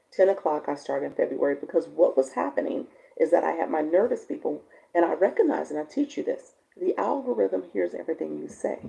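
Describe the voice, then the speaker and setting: Raspy low woman coaching live. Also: poor audio. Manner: chatty, warm-toned, laughs often, answers viewers by name. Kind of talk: casual livestream chat reading viewer comments.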